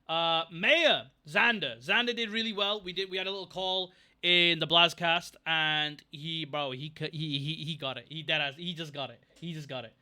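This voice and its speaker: A man's voice: on the high side, normal speed, pushed and bright. A young man chatting casually on a livestream, rambling, getting distracted and thanking viewers from chat. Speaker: streamer.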